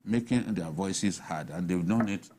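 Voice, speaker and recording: A man's low, dark voice comes at normal speed with a slight hiss or hum in the recording. He speaks Nigerian English as a TV studio panel guest, arguing emphatically and raising rhetorical questions in a lively debate.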